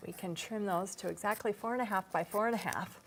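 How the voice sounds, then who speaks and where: A woman's voice: mid-range voice, fairly quick, a little hiss or hum. Joking woman stitching on a live demo. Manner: jokey, narrates each step while stitching. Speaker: quilt shop co-host stitching on camera. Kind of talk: live sewing demo chat.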